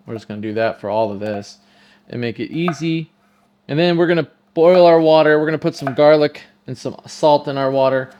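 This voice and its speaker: Man of middle pitch, easygoing cooking-video host who cracks jokes at the camera. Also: darkish tone, a little hiss or hum. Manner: jokey, talks straight to viewers. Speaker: home cook. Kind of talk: casual cooking demonstration.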